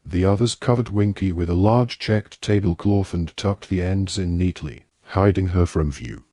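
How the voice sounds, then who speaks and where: Low husky man, steady audiobook narration, dry close sound. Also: normal speed, no room sound. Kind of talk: scripted narration.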